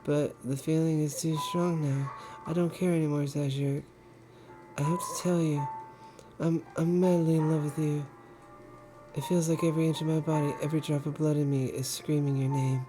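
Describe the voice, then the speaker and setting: A man's voice: on the high side, little pitch movement, normal speed, over music, pitched above the performer's own voice, close to an everyday voice. A man reading aloud the lines of an obsessive, unhinged, lovestruck young woman in a plain voice. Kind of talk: reading game dialogue aloud.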